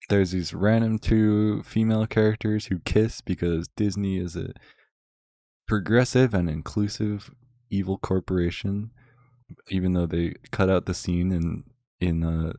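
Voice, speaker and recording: A man's voice: low voice, dark tone, no echo, clean studio sound. A man ranting casually and sarcastically to a friend, rambling with lots of filler words. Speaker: channel host.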